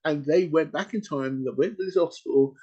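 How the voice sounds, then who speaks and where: A man's voice: on the high side, a little fast, slightly rough, muffled recording. Man telling a story in casual chat. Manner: animated storytelling with frequent "you know" and "right?". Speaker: podcast host.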